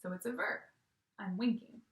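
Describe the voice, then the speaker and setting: A cheerful young teacher with a mid-range voice speaks at normal speed in a video lesson for young children filmed at home. She is animated and acts out every word, and her voice echoes off the surrounding room.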